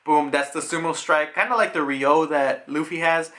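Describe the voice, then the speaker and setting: His fairly high voice moves at a normal pace as he chats casually about a manga chapter he's reviewing. He retells it with animation, performing the scenes as he describes them.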